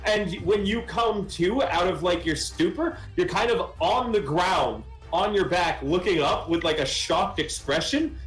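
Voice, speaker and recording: A man's voice: sits high, unhurried, few pauses, reverberant, soft background music, rough recording. A man running a tabletop game as game master, narrating in a casual, rambling way.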